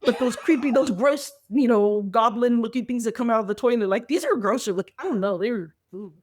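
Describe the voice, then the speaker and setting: Chatty, high-voiced woman podcaster. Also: brisk. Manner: rambling, animated storytelling with quoted asides. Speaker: podcast co-host. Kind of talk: casual chat.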